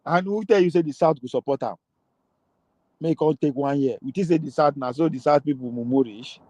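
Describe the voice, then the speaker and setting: Nigerian man, high voice, animated, argumentative, casual political chat, dry close sound. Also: brisk, dry recording, lo-fi sound. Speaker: political talk show host.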